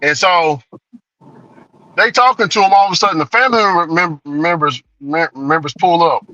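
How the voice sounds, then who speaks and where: A man's voice: on the high side, moderate pace, no room sound, highs cut off. A man telling a story in casual chat as a delivery driver vlogger, laughing often. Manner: laughing, animated retelling.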